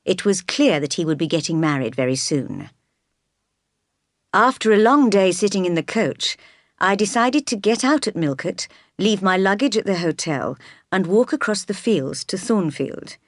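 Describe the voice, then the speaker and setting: A woman reads a classic novel aloud in a calm, measured way, pitched a little low. The sound is close and dry, with no room around it. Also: dry recording. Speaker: narrator. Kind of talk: scripted audiobook narration.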